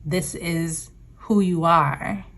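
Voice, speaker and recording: A woman's voice: lowish voice, steady tone, very slow, fairly bright tone. A woman giving a tarot reading in a casual, reflective way, reading card meanings aloud and laughing easily. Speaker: tarot reader.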